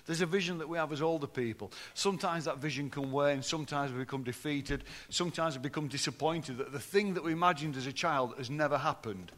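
A man preaching a sermon to a congregation, swinging between loud, lively passages and low, hushed ones. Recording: long hall reverb.

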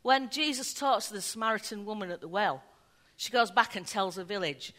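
A woman preaching a sermon, telling the story in an animated way and acting out the voices of the people in it. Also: mid-range voice, fairly quick, few pauses. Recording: long hall reverb.

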